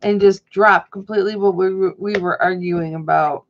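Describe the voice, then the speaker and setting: A woman's voice: mid-range voice, steady tone, normal speed, highs cut off, slight background noise. A woman vlogging from home in a rambling, chatty way. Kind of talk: casual chat.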